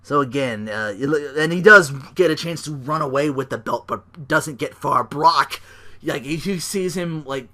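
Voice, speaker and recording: A man hosting a casual solo podcast, recapping wrestling with excitement, laughter and quick put-on voices. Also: a little high. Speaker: podcast host.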